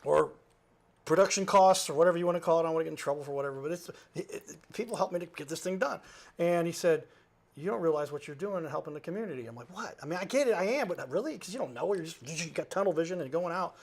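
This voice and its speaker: Speaking fast in a higher, gravelly register, this man is a talk show host sitting in as a guest. His story wanders casually, full of tangents and self-corrections, and laughter keeps breaking through his lively delivery.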